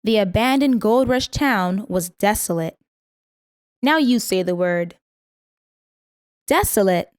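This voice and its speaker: Woman reading vocabulary words slowly. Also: medium pitch, lively intonation, smooth, dry recording, studio quality. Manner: slow, careful word-by-word pronunciation. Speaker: vocabulary teacher. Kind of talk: scripted vocabulary lesson reading.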